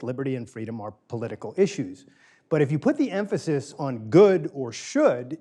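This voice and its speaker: A man's voice: on the high side, a little mellow. A middle-aged man giving an informal lecture to a small live group in a room, talking casually, polling the audience and repeating key phrases for emphasis. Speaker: guest lecturer.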